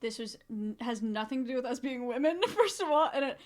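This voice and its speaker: A woman's voice: on the high side, animated, darkish tone. A young woman friend on a livestream, speaking reassuringly to back up the host. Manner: reassuring, quick-talking. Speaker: co-streamer friend. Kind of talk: casual chat.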